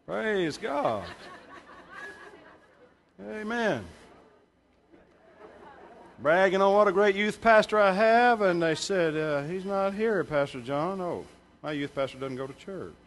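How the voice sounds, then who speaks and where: A man's voice: high-pitched, lively intonation, slow pace, gravelly, long pauses, some chatter behind, slight background noise. A male pastor preaching a sermon in a church, emphatic, with joking asides to the congregation. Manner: emphatic, bursts louder for scripture and punchlines. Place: church sanctuary.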